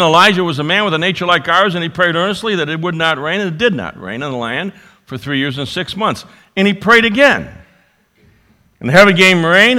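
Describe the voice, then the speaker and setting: A man preaching a sermon, swinging between loud emphasis and quiet asides. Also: sits high. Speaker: pastor.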